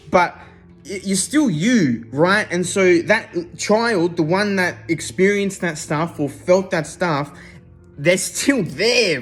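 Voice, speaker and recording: An Australian man giving a raw, unscripted self-help talk in a casual, sweary way, checking in with "okay?" often. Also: high voice.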